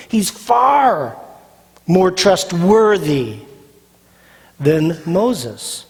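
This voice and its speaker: Here a male preacher speaks slowly in a high, sing-song voice with a breathy edge. His sermon is emphatic and repetitive, and he questions his listeners before supplying the answers. Long reverb from a hall fills the recording.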